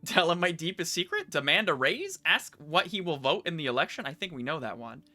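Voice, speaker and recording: A man's voice: a little high, very animated, brisk, pushed and bright, soft background music. A man streaming a live game playthrough, talking casually and wryly while thinking aloud.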